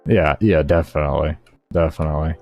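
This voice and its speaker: A man's voice: a bass voice, fairly even intonation, fairly quick, a little mellow. A male streamer in laid-back, slangy casual chat, talking to his viewers. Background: faint background music.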